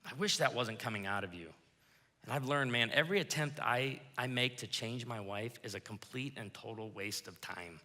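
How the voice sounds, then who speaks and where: A man preaching a sermon as pastor, lively, acting out quoted lines as he goes. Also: medium pitch, normal speed. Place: church auditorium. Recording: reverberant church hall.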